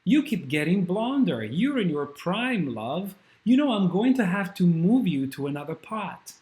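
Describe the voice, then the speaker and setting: A fussing elderly lady scolds and coaxes her houseplants in a raised, lively voice, as a man reads her lines aloud. Her tone swings between tender and indignant. The recording carries a roomy echo. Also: high-pitched, a little slow, voice pushed up. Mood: doting. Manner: doting, bickering with plants that answer back. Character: elderly woman fussing over her potted plants. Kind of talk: dramatic script reading.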